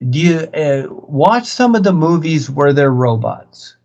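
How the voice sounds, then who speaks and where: A man's voice: fairly high pitch, very animated, a little slow, vocal fry, a little mellow. Brief: man, spiritual teacher type, lecturing over a dull video call, repeats himself, keeps pressing his point. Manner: insistent, repetitive, preachy. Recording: muffled video-call audio.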